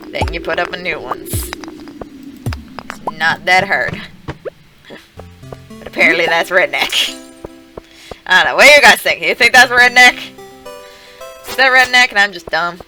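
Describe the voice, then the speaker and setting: A woman's voice: on the low side, unhurried, long pauses, bright, forceful tone. A woman streamer telling rambling stories while playing a game, swearing freely and laughing often. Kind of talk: casual storytelling while playing a farming game. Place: home streaming setup. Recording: game music playing underneath. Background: game music.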